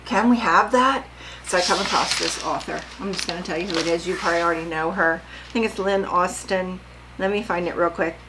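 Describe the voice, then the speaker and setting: A woman's voice: fairly low pitch, brisk, background noise. An older woman vlogging casually about her sewing, chatty and rambling, often asking her viewers questions.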